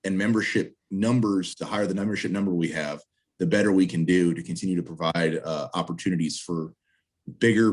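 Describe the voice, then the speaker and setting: A man's voice: sits low, slightly rough. A man, president of a trail association, speaking earnestly and upbeat as a guest in a video-call interview, appealing for volunteers.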